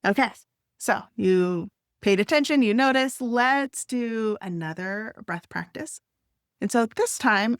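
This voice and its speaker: Gentle woman guiding a breathing exercise. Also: mid-range voice, no room sound, studio quality. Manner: gentle, encouraging, unhurried guidance with soft laughs. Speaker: wellness instructor.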